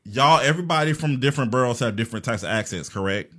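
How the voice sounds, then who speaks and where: A man's voice: mid-range voice, lively intonation, quick pace, bright, forceful tone. A man co-hosting a casual podcast, talking in a laid-back way with many fillers and restarts. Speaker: podcast co-host. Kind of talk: casual chat.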